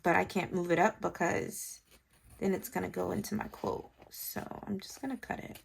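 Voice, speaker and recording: A planner vlogger and mother speaks steadily at a moderate pace, her fairly low voice carrying vocal fry, while she decorates and shares a family story. Chatty and casual, she talks to viewers and thinks aloud, with slight hiss or hum behind her.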